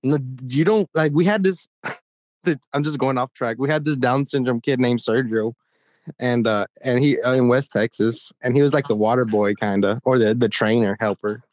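A man's voice: medium pitch, moderate pace, a little mellow, dry recording. A young man co-hosting a casual podcast, telling stories in a profane, rambling way with jumpy emphasis. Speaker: podcast co-host. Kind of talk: casual crude podcast banter.

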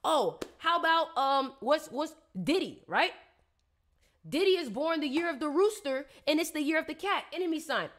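A woman's voice: high-pitched, lively intonation, moderate pace, a bit bright. A woman on a casual live stream, reading viewers' astrology in a chatty, playful, slangy way and teasing her audience.

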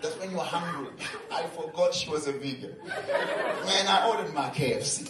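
A young man from Tanzania doing stand-up, telling a story in an animated way, acting out quotes and often laughing as he talks. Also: a little high, normal speed. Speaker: stand-up comedian. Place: large venue with live audience. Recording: echoey live venue, distant mic, loud crowd and noise.

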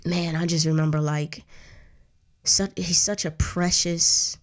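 A woman in her thirties with a slightly low voice, speaking as an interview guest. She tells her story candidly and earnestly in a casual way, and she often stops and restarts her sentences. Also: flat delivery, takes it slowly. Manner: acts out others' words in a raised voice.

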